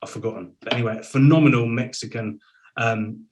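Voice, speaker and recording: Animated man hosting a chat show. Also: medium pitch, fairly quick, poor audio. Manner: animated storyteller, voice swings up with excitement. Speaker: show host and singer. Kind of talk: casual video-call interview.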